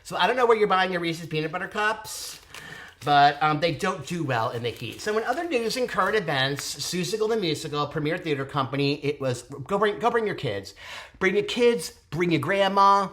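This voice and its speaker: A theatre-loving vlogger reviews a show in a casual, animated way. The voice leaps high and low, and it breaks into playful theatrical asides. The speaker gushes and digresses but always comes back to the show. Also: moderate pace. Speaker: theatre reviewer hosting own channel.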